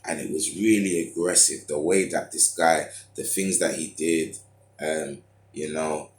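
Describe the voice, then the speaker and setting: A man's voice: rumbling low, steady tone, a little slow. A man telling a rambling personal story in slangy, loose talk full of fillers. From United Kingdom. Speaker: vlogger. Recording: echoey room.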